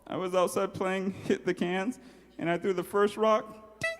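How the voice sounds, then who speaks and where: A man's voice: high voice, fairly even intonation, measured pace, in a large hall, soft background music, voice pushed up. A man voicing a guilty young boy who pleads and apologizes over and over. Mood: remorseful.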